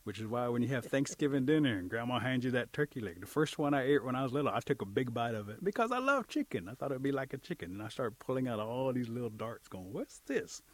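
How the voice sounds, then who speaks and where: A man telling an animal folk tale in a relaxed, chatty way with humorous asides. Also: medium pitch, fast talker, hardly any pauses. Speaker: storyteller.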